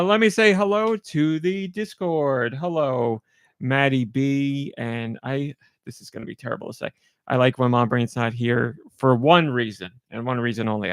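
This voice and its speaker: Gravelly, rambling male podcast host. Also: mid-range voice, fairly bright tone, no echo, studio quality. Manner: rambling, self-deprecating, chatty. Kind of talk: casual solo podcast chat.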